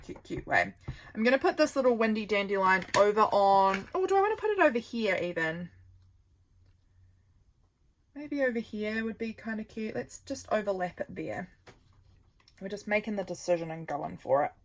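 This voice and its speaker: A woman vlogger with a medium-pitched, slightly bright voice chats casually while working on a craft project, captured in a rough recording. She thinks aloud as she goes, rambling and making fun of her own mistakes.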